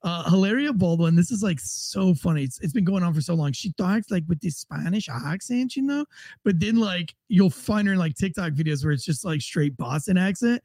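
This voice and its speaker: A man's voice: high voice, expressive, normal speed, a little mellow, dry recording. A man hosting a podcast, recapping celebrity news in loose, rambling casual chat with lots of fillers. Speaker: podcast host.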